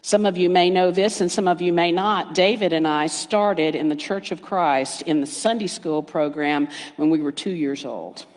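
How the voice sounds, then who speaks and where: A middle-aged woman minister giving a sermon, storytelling warmly with playful asides and hushed emphasis. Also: on the low side, moderate pace, hardly any pauses. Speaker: guest speaker minister. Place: church sanctuary. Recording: reverberant hall.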